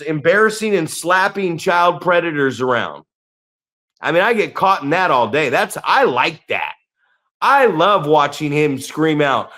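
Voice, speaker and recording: A man's voice: a little high, fairly bright tone. A man co-hosting a podcast, ranting in a casual, profane, emphatic way. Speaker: podcast co-host.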